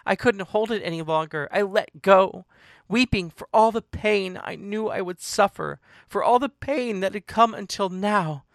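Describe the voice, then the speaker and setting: A narrator reading a first-person story aloud in a slow, emotional, deliberate way. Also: medium pitch, gravelly, dry recording, studio quality.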